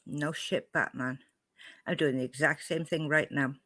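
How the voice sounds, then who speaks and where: A woman's voice: deep voice, steady tone, unhurried, fairly bright tone, no echo. Upset, indignant woman from Wales. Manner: indignant, confrontational. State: upset, emotional. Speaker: reaction video host. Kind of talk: reacting to a played clip.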